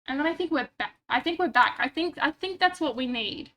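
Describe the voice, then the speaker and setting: A woman's voice: high-pitched, expressive, fairly quick, sharp tone. Chatty woman, stuffy-nosed. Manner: chatty, rambling, self-mocking asides. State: stuffy nose. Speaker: livestreamer. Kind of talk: casual chat while gaming. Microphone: desk microphone.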